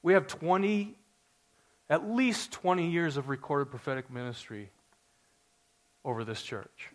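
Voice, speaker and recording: A man in his forties preaching a sermon to his congregation, earnest and story-driven, building to excited emphasis. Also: on the high side, measured pace. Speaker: pastor.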